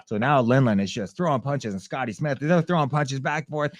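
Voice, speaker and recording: A former fighter, speaking fairly quickly in a mid-range voice, tells a lively story as a podcast guest. He acts out other people's voices and shouts in an animated conversation, recorded dry.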